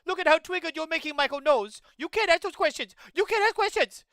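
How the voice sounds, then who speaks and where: A man putting on a shrill, whiny voice to mock a woman moderator who scolds the questioner. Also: animated, fast talker, bright, forceful tone, no echo, clean studio sound, full character voice. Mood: whiny scolding.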